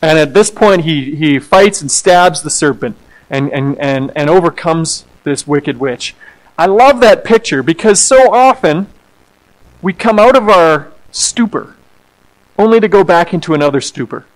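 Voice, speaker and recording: A man, an associate pastor, preaching a sermon in an animated way, acting out quoted voices and repeating words as he goes. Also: fairly high pitch, a little slow, low-quality recording.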